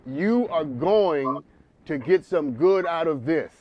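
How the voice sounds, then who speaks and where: A man's voice: on the high side, animated, takes it slowly, lo-fi sound, slight background noise. Emphatic preacherly male talk show host. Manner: emphatic, preacherly, repeats words when building. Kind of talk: pastoral counseling talk.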